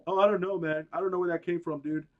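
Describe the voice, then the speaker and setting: A man's voice: high voice, fairly even intonation, fast talker, narrow, tinny audio, lightly acted. A man putting on a stammering, laid-back male tech billionaire who dodges questions. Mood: evasive. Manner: mumbling, stammering, surfer-casual.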